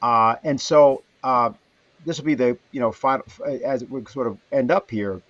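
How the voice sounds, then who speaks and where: A man hosting a livestream panel who speaks haltingly with many fillers. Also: medium pitch, a bit bright, no room sound. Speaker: host. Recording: dull dry lo-fi audio.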